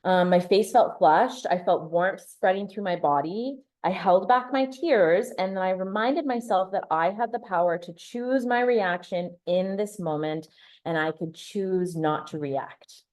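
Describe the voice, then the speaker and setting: A woman's voice: fairly low pitch, a little mellow. A woman in her thirties giving a presentation, telling a candid personal story and sometimes restarting or repeating words. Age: 30s.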